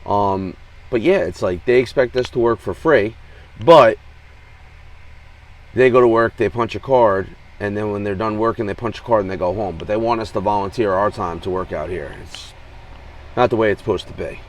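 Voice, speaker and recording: A man's voice: lowish voice, normal speed, distant mic. A truck-driving man venting in a rambling, frustrated way, telling road stories with lots of fillers, from inside his truck cab. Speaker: truck driver vlogger. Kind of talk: casual venting monologue.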